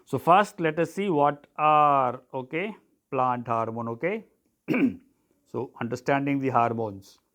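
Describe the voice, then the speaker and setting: A teacher giving a tutorial, dictating notes, spelling terms letter by letter, often saying "okay". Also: male voice, medium pitch, slow, fairly bright tone. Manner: repeats "okay" and "so", clears throat often. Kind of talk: classroom tutorial.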